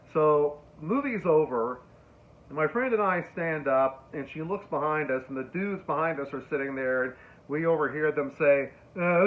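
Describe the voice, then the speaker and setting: Animated man lecturing, tinny sound. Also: medium pitch. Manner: animated storyteller, acts out quotes with sudden loud squeals. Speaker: film lecturer. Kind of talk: casual lecture with anecdotes.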